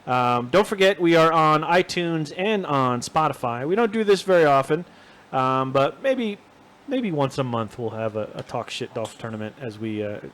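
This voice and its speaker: A man's voice: on the high side, lively intonation, normal speed, a bit bright. A man co-hosting a casual show, chatting and joking with the audience while playing a golf video game. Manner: chatty, jokey, talks to the audience. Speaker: podcast co-host.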